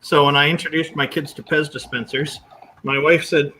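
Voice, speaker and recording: A man's voice: on the high side, fairly even intonation, moderate pace, pushed and bright, slight background noise, rough recording. A man in casual chat, explaining his views earnestly and at length.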